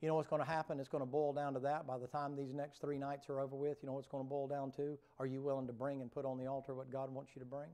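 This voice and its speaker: A male revival preacher with a folksy, down-home way of talking. His pitch sits in an ordinary middle range as he tells the story to the congregation in a church sanctuary. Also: level tone, fast talker, hardly any pauses, mellow. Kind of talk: revival sermon.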